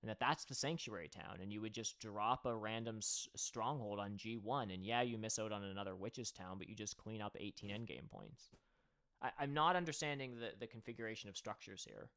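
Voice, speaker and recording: A man's voice: on the low side, lively intonation, a little fast, a bit bright. A man hosting a livestream and commenting casually on a board game match. He thinks aloud and talks straight to his viewers.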